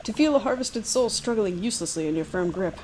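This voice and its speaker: A woman's voice: medium pitch, animated, fast, a little mellow, a little hiss or hum, natural voice, low-quality recording. A woman voicing a wry, conspiratorial young woman, reading an interactive text game aloud.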